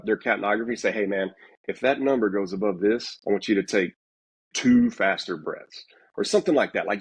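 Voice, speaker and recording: Male guest medic, raspy and low, dry close sound, teaches in plain coaching tone. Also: no echo, rough recording. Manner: instructive, coaching tone. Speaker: guest flight paramedic. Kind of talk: casual podcast discussion.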